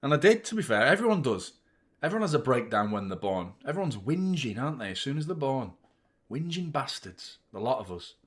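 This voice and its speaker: A man's voice: mid-range voice, brisk. Guy in his 30s rambling over a footy match, swears loads, voice jumps all over. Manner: excitable, rambling, swears freely. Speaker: football watchalong host. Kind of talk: live match commentary and chat.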